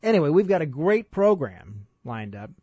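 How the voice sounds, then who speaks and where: A man's voice: fairly high pitch, very animated, moderate pace, slightly rough, no room sound, phone-quality sound. A man co-hosting a weekend radio advice show, chatting in an easygoing, wry, joking way. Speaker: radio show co-host and financial advisor. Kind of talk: casual radio banter. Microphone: studio microphone.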